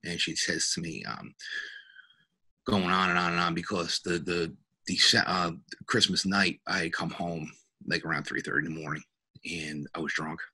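A middle-aged police officer speaks low and husky with a forceful, bright edge. He tells his story haltingly and earnestly, stopping often to restart and fill pauses as a podcast guest. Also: fairly even intonation. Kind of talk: personal story in a podcast interview.

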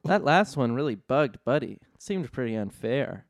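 A man reading an absurd comedy story aloud in a deadpan way, often cracking up. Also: mid-range voice, normal speed, no echo, clean studio sound. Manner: deadpan narration, often breaking into laughter. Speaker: storyteller host.

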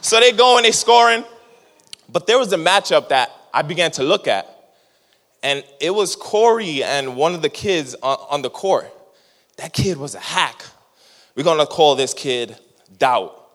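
A man preaching a sermon as a lively story, laughing often and acting out what people said. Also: a little high, measured pace. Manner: animated, laughing storyteller who acts out quotes. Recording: long hall reverb.

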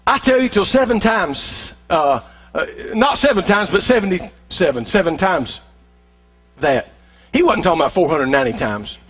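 A man preaching a sermon as pastor, calling on the congregation to answer back and building up to shouted passages. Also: extremely high pitch, slightly rough, muffled recording. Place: church sanctuary.

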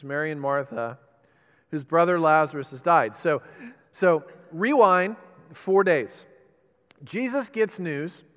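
A man preaching a sermon with dramatic pauses and rising emphasis. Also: fairly high pitch, fairly bright tone, clean tone. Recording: reverberant hall.

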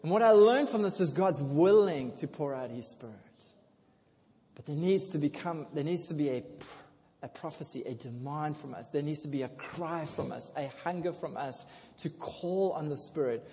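A man preaching a sermon. He swings from hushed to loud, laughs often, and. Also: on the high side, normal speed. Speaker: pastor. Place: church hall. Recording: long hall reverb.

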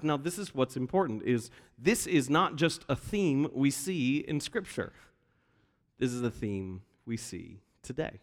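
A male pastor with a mid-range, expressive voice keeps a measured pace through his sermon. He tells the story with animation and performs the quoted voices, and the large church hall gives a long reverb.

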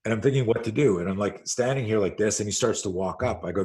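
Fast-talking with few pauses and a fairly low pitch, this middle-aged man, a self-defense instructor, recounts a story in an interview. His telling is profane and animated, and he acts out the scenes.

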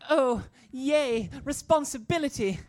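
A woman's voice: high-pitched, lively intonation, measured pace, darkish tone. Woman doing a giggly kooky henchwoman, whimsical, comedy audio play. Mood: gushing. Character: kooky, dreamy, posh-sounding female henchwoman.

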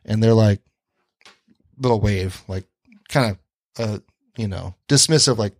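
A man hosts a podcast and tells a story in a loose, casual way, acting out what each person said and swearing freely. His voice sits somewhat low. The recording is dry and close, with no room sound. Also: measured pace, pauses often, no echo. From Detroit area. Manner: swears freely, acts out quoted dialogue. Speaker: podcast host.

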